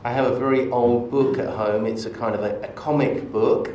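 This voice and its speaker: A man preaching a sermon in a church, relaxed and conversational, leading into stories with asides to the congregation. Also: mid-range voice, normal speed, slight background noise. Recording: echoey church from far off.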